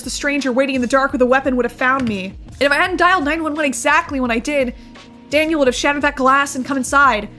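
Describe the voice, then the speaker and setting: A woman streamer giving casual commentary on a horror game, excitable, swearing and shrieking. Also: high-pitched. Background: faint game music.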